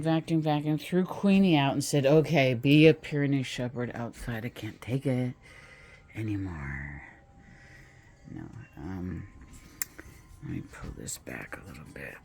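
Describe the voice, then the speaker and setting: A woman in California casually vlogs a tour of her home and garden, indoors and out, filming on a phone in her hand. She's chatty and rambling, talks to her pets in a high sing-song, and sounds a little mellow.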